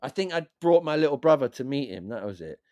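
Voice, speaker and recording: A man, a DJ and beat maker who is a guest on a podcast, telling stories in a lively, swearing, casual way and acting out what others said. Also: medium pitch, fast talker, no echo. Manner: animated, swears freely, acts out quotes. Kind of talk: casual storytelling chat.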